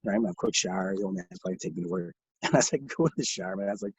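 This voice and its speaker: A low-voiced young man with a husky, gravelly edge tells rambling stories, laughing through them and swearing freely. The recording is dry and dull, a lo-fi capture. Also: rapid-fire, dry recording. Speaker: guest. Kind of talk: casual storytelling chat.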